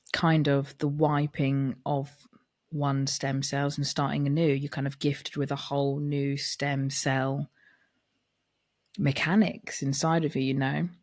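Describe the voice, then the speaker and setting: A young woman with a low voice talks candidly in a podcast monologue and acts out her family's dialogue as she goes. She speaks close to the mic in a very dry, dead room. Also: a little mellow, no room sound. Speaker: podcast host. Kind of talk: personal reflective monologue.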